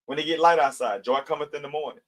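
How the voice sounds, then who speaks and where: A middle-aged man teaches scripture in a conversational, preachy way. His voice sits slightly higher than most men's, and he reads the verses aloud and then explains them plainly. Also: fast, a bit bright, rough recording. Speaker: Bible study teacher. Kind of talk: livestream Bible teaching.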